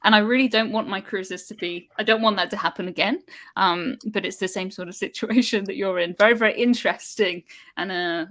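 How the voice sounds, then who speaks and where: A woman's voice: medium pitch, brisk, a bit bright. A British woman hosting a live stream over a video call, chatting casually and laughing often.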